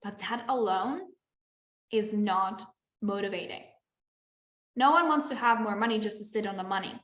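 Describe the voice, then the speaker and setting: A woman's voice: mid-range voice, normal speed, a bit bright, reverberant. A woman business coach teaching a live online masterclass over a video call. She talks in a chatty, encouraging way, often checking in with "okay?".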